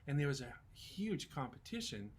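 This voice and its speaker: A man in his sixties, a songwriter on a festival panel, telling relaxed, folksy stories in casual talk. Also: medium pitch, moderate pace, husky.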